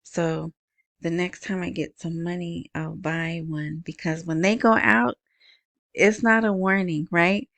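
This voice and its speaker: A woman with a soft, small voice hosting a casual solo podcast, chatting in a rambling way into a wired earbud mic. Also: on the low side, steady tone, a little slow, vocal fry, no room sound. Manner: rambling, chatty, self-interrupting. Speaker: podcast host.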